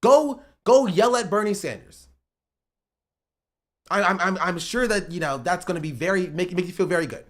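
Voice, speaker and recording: A streamer lays into their live chat in a heated rant, lecturing through repetitive, punchy lines and cursing freely. The voice is mid-range and moves at a moderate pace.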